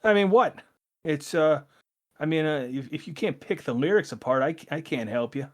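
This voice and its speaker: A man hosting a podcast in casual chat, talking haltingly with many "uh" fillers and restarts. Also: on the high side. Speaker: podcast host.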